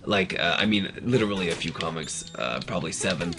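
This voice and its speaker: A man's voice: sits low, lively intonation, fast. A man rambling and joking through casual banter while his friend plays a video game. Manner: rambling, joking, laughs a lot. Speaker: co-host of a gaming show.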